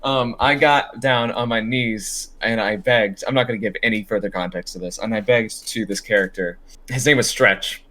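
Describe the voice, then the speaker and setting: A young man co-hosting a podcast, telling animated stories in casual chat and laughing often. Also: fairly low pitch, normal speed. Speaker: podcast co-host.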